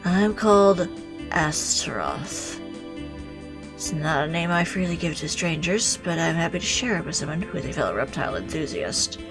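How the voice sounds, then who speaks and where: A woman voicing a mopey, soft-spoken male demon who speaks sadly, slowly and quietly. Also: deep voice, lively intonation, over music, pitched below the performer's own voice. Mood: gloomy. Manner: sad, slow and quiet.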